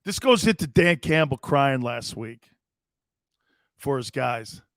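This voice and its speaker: A man from Connecticut hosting a sports talk show, rambling excitably, laughing often and talking in a casual way. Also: mid-range voice, slow, creaky, dry recording, clean studio sound. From Connecticut, United States.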